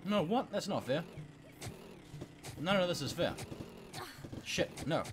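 A man commentating on a game he is playing, excitable and swearing, a bit sick and clearing his throat. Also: on the high side, slow pace, noisy background. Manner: excitable, swearing, yelping at failures. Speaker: gameplay commentator. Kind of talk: let's play commentary.

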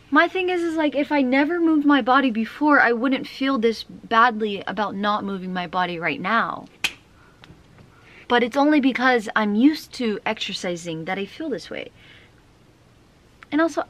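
A woman's voice: a little high, a bit bright, slight background noise. A young woman in a casual vlog, talking to herself as she gets ready, rambling and cursing freely. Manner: chatty, rambling, swears freely. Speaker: vlogger. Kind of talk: casual vlog self-talk. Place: at home, indoors. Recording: roomy indoor sound.

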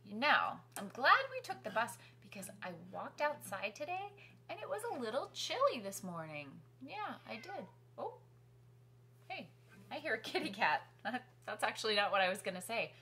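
A woman hosting a children's music class from her living room, singing nursery songs and talking gently to young kids. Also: a little high, sing-song, normal speed. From New York City. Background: guitar accompaniment.

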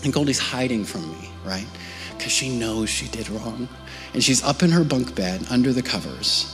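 A man preaching a storytelling sermon as a pastor. He speaks conversationally, keeps checking in with his listeners, and sinks to a soft, hushed voice at tender points. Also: mid-range voice, normal speed, soft background music. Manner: conversational, often checking in with "right?" and "okay?". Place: church service.

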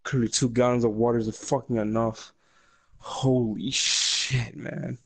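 A man's voice: mid-range voice, level tone, measured pace, gravelly, breathy edge. A man giving casual gameplay commentary while in pain from a leg cramp, swearing and groaning to a friend. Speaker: gaming streamer.

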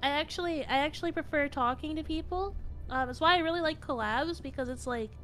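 A woman's voice: sits high, a little fast, music in the background. A woman streamer chatting casually on a collab stream, rambling and flustered with self-deprecating remarks.

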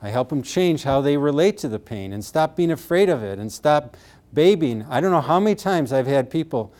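A man's voice: on the high side, animated, normal speed, warm tone. A middle-aged man talking about treating pain, earnest and explanatory, often acting out what his patients said with strong feeling. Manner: earnest, re-enacts patients' words with emotion. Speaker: pain therapist. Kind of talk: explanatory talk with acted patient quotes.

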